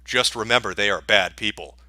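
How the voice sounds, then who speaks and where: A man voicing a blunt, simple-minded cave-dwelling game character who speaks in loud, clipped phrases. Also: on the low side, fairly quick, no room sound, studio quality. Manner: loud, clipped, caveman-like grunting speech.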